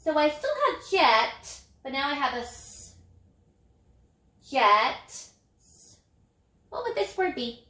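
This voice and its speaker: Slow, sing-song teacher woman. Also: sits high, lively intonation, a bit bright, echoey room. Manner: slow, sing-song, encouraging, sounds out letters. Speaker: elementary reading teacher. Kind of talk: recorded phonics lesson for young children.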